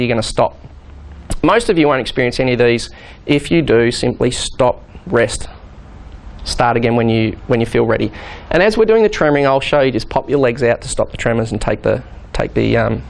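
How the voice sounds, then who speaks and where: Fast-talking man leading a workshop. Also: medium pitch, vocal fry. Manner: fast, animated, acts out quoted voices. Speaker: physiotherapist workshop leader. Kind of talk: workshop instruction.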